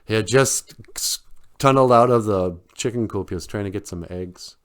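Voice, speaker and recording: A male podcast host retelling a children's story and reviewing a book in a relaxed, casual way, with many fillers and chuckles. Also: on the low side, normal speed, clean tone.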